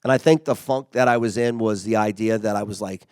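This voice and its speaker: Low-voiced man giving a casual talk. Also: fairly quick, hardly any pauses, a little mellow, dry recording. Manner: conversational, acts out quoted remarks. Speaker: workplace leader giving a devotional talk.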